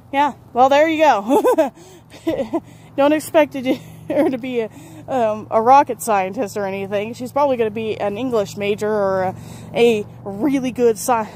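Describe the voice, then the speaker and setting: A young adult woman talks straight into the camera about her own past. Her voice sits a little high, and she rambles, laughs and corrects herself as she goes. There is a faint hum behind her. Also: darkish tone. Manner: candid, rambling, laughs often, self-correcting. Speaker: vlogger. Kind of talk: personal storytelling to camera.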